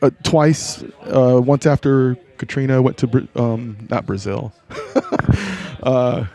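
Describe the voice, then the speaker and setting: A man from North Carolina speaks as a guest on a podcast, his voice gravelly and mid-pitched. He answers in a laid-back, hesitant way, with plenty of ums and a dry sense of humor. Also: slow pace, dark tone. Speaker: guest, photographer. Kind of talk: casual interview chat.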